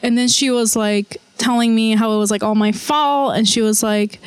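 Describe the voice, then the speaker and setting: Woman rambling in casual chat, lots of "like", kinda high voice, dry close sound. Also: steady tone, normal speed, hardly any pauses, smooth, dry recording. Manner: rambling, heavy use of "like" as filler; earnest and open, sharing personal struggles.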